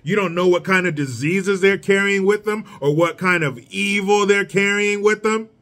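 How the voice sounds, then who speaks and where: A man talks through a solo commentary rant, with a voice pitched high for a man. He is sarcastic and mocking. His delivery is blunt and combative. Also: moderate pace, a bit bright. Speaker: political commentator.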